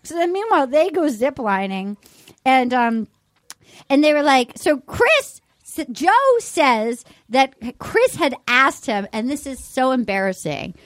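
Woman host chatting fast and animated, swoopy high voice, big laughs. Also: no room sound. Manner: animated, laughing, acts out quotes. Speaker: podcast host. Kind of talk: casual chat recapping a reality show.

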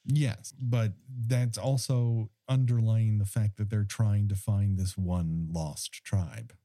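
A man's voice: fairly low pitch, fairly even intonation, takes it slowly, dark tone, no echo, clean studio sound. A man co-hosting a podcast in casual chat, ranting with wry, mock-indignant humor. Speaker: podcast co-host.

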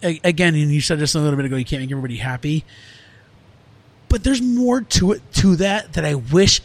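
A middle-aged man who runs a small restaurant talks in a loose podcast conversation. His voice sits a bit high for a man. He rambles earnestly, piling up fillers as he goes. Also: lively intonation, fairly quick. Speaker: restaurant owner.

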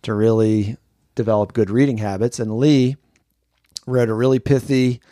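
A man's voice: medium pitch, steady tone, normal speed, mellow, no echo, studio quality. Upbeat teasing podcast co-host man. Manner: upbeat, teasing, steers the show. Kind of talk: casual chat.

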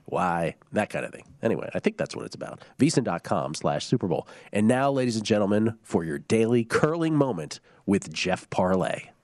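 A man's voice: on the low side, a little hiss or hum. A man hosting a sports betting talk show, chatting casually and joking between segments. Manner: lively, joking, quick asides. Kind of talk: casual radio show chat.

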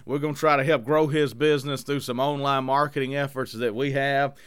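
A man's voice: mid-range voice, fairly even intonation, a little fast, a bit bright, smooth, no echo, clean studio sound. An enthusiastic man hosting a casual podcast interview, upbeat and friendly in manner. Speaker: podcast host.

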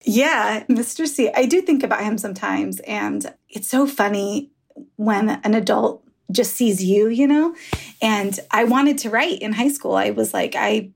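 A woman is being interviewed on a podcast, and she talks in a frank, rambling way, swearing and laughing easily. Her voice has a gravelly fry and a slightly husky edge. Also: medium pitch, a little slow. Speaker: author guest. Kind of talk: candid interview conversation.

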